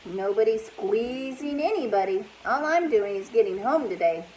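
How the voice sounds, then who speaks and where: Woman playing a firm little girl, storybook character, lively high voice, bargaining. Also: normal speed, a little hiss or hum, lightly acted, rough recording. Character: bold, no-nonsense little girl.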